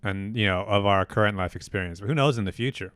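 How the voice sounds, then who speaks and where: Man, podcast co-host, easygoing casual chat, low voice, smooth tone. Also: fast, a bit bright, dry recording, clean studio sound. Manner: easygoing, agreeable, musing.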